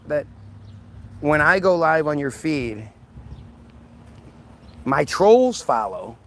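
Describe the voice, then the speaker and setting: A man's voice: a little high, vocal fry, a little hiss or hum. A man hosting a solo livestream, talking in a combative, sarcastic way to a rival and his viewers. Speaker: livestream host.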